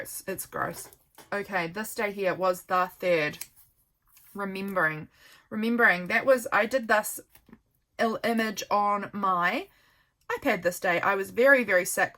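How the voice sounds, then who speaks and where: A young woman with a New Zealand accent, chatting casually and rambling as she flips through her journal, tired and yawning. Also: mid-range voice. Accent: New Zealand English. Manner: chatty, rambling, warm asides to viewers. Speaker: journaling vlogger. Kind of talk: casual flip-through chat. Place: home.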